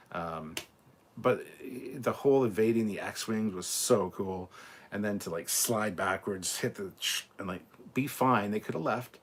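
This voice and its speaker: Hosting a laid-back live stream, a Scotsman with a strikingly deep, low, husky voice reads out viewer comments. He responds in a loose, chatty manner and swears freely throughout.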